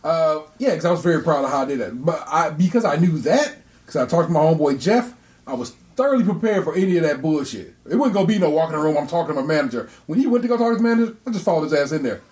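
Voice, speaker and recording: Podcast co-host, man, lively raconteur, slightly high voice, acts out the people he quotes. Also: racing. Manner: animated storyteller, acts out quoted dialogue, frequent restarts. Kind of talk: casual chat.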